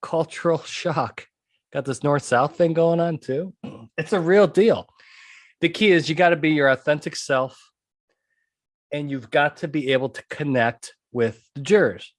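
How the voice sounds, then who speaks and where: A man speaks emphatically in a podcast monologue, hammering home his points through repetition. His voice is pitched slightly high and sounds dry, close and free of room echo. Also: moderate pace. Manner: emphatic, repeats key points, asks "okay?". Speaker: podcast host and trial consultant.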